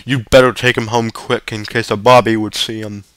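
A man's voice: on the low side, level tone, normal speed, fairly bright tone, dry recording, lightly acted. A man reading as a fussy, anxious publican. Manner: anxious, scolding. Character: shocked, fussy male publican.

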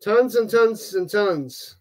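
High-voiced man hosting a live stream. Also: slow. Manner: animated, exclaiming, groaning at bad card pulls. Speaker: host of a live hockey watch party stream. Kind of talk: casual livestream chat, reading viewer comments.

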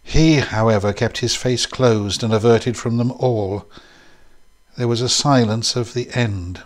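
A man giving a measured, scripted narration of a classic short story. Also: medium pitch. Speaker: reader.

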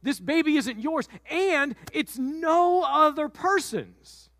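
A man's voice: very high-pitched, expressive, takes it slowly, fairly bright tone, no echo, clean studio sound, voice pushed up, full character voice. A man voicing a nervous young woman breaking surprising news, coaxing and hesitant. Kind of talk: sermon role-play.

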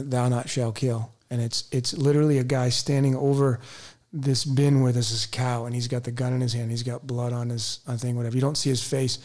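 A man's voice: medium pitch, darkish tone. A man co-hosting a conversational interview, agreeable, often chiming in with affirmations. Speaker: co-host.

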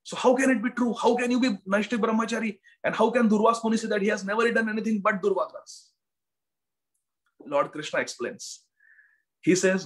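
A man's voice: high-pitched, a little fast, fairly bright tone, rough recording. A man giving a devotional class over an online call, telling the story and repeating key phrases for emphasis. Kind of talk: devotional lecture. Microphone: online video call.

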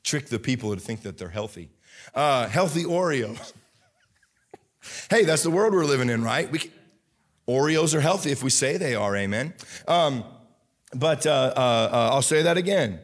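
Here a male pastor gives a sermon in a Midwestern American accent, his lively intonation rising from low, earnest talk into loud, fervent bursts. He keeps halting and restarting, with plenty of fillers along the way.

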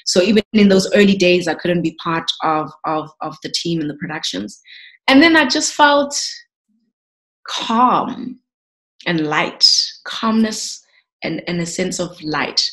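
In a lowish voice and a slightly slow pace, a woman in her thirties from South Africa, who works as a sports broadcaster, shares her story in an interview. Feeling runs through it, and emotion makes her repeat words often.

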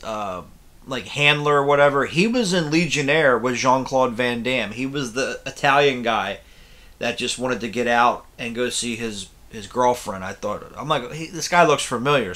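A man's voice: medium pitch, bright, forceful tone. A man giving a casual, rambling movie review, blunt and a little tired, swearing now and then. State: yawning, tired.

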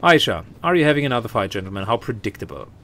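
A man voicing a haughty female acolyte in a video game, speaking in a quick, superior, sardonic way. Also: medium pitch, sing-song, bright, forceful tone.

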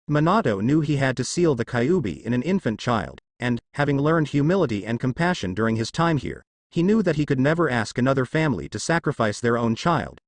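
A man narrating a fan fiction story in a steady storytelling manner. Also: medium pitch, dry recording.

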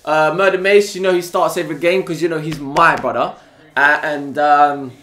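A young man with a London accent reacting to a football match live, excitable and full of slang, yelling at the players. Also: high voice, reverberant. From England. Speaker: football fan reaction channel host. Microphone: desktop USB mic.

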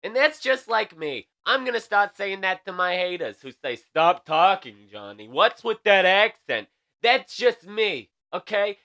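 A man's voice: high-pitched, pushed and bright. A young man hosting a comedic late-night celebrity news monologue, sassy and campy, tagging his jokes with "okay?".

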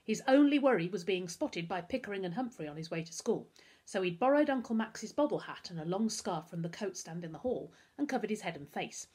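A woman, a primary school teacher reading a children's novel aloud with expressive storytelling. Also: medium pitch, brisk, breathy edge.

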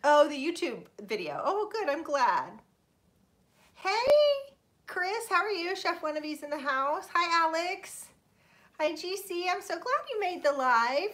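A livestream host from Florida, USA, chats casually in a very high, slightly bright voice. She greets her viewers by name, laughs a lot, and says sorry with self-deprecating humor when she mispronounces names.

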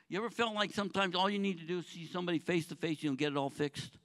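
A male pastor preaching a sermon. He talks earnestly, asks the congregation rhetorical questions, and moves between soft, low phrases and raised, pressing ones. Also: quick pace, few pauses.

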